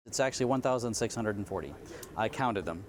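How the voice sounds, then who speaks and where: A man's voice: fairly low pitch, expressive, fast talker, slight background noise. A man, a Navy chief petty officer, explaining his work aboard a submarine in a plain, matter-of-fact way during an interview. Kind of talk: interview answers.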